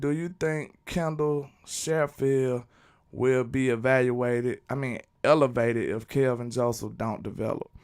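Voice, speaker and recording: A man's voice: fairly high pitch, fairly bright tone, smooth. A man from Alabama, hosting a casual live sports stream and answering viewers' chat. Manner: reads out and answers chat comments. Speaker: sports channel host.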